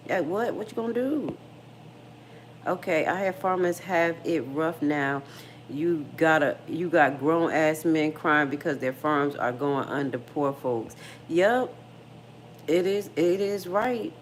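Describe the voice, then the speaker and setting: A woman's voice: sits low, expressive, takes it slowly, a little hiss or hum. A middle-aged woman hosting a casual livestream, frank and slangy, talking straight to her viewers and reading their comments. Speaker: livestream host.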